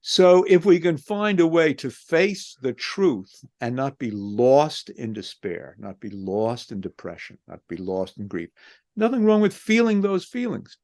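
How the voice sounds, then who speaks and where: A man's voice: mid-range voice, sing-song, measured pace, darkish tone. A man who is a philosophy professor and author, answering an interview with impassioned rhetorical questions. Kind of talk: interview answer, reflective monologue.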